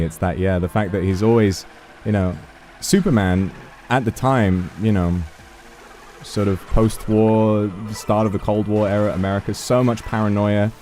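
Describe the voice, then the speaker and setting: A man's voice: fairly low pitch, mellow, slight background noise. A man streaming a racing game in casual chat, reacting to the race and musing emotionally about a film.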